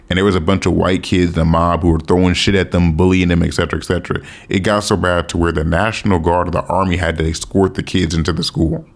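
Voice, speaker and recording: A man from the United States giving a casual, rambling opinion monologue, often correcting himself and swearing offhandedly. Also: low voice. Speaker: commentator.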